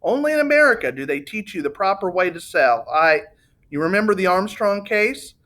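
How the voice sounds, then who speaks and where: A man's voice: high voice, animated, brisk, pushed and bright, pitched above the performer's own voice. A man voicing a voluble, boastful Italian car salesman who talks on and on. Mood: gushing. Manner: gushing, eager, talks on and on.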